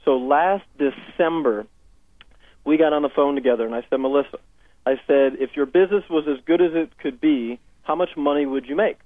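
A man's voice: on the high side, fairly quick, dry recording. A man with a Southern Californian accent, a life coach telling upbeat client stories as a guest on a radio interview by phone. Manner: upbeat storytelling, quotes clients in dialogue. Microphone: phone headset. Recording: dry tinny phone line.

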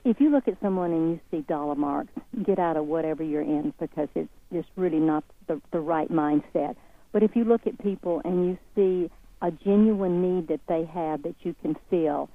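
A woman with a Southern accent, a guest speaking in an interview in a folksy, earnest, encouraging way. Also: on the low side. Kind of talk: motivational interview talk. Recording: tinny phone line.

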